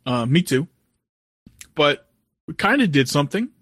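A man in casual chat, calmly thinking aloud about what he wants to do in life. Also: a little high, a little slow, slightly rough, dry recording, clean studio sound. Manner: calm and reflective, thinks aloud.

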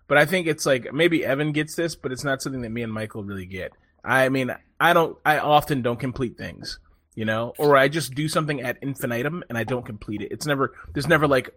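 A man telling a long story in casual chat, animated and rambling, with lots of fillers and swearing. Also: mid-range voice, a little fast, no echo, studio quality.

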